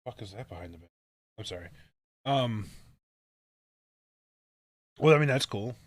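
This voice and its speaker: A man's voice: lowish voice, animated, a little slow, no room sound. A man co-hosting a casual sports podcast, swearing freely and ribbing his co-hosts. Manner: profane and teasing. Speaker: podcast co-host.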